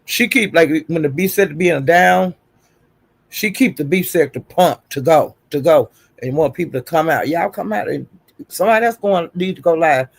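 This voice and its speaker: Male livestream host, gravelly, sassy gossip chat, dry close mic. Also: fairly high pitch, moderate pace, no room sound. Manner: gossipy, greets viewers in chat, calls them honey and child. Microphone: streaming setup.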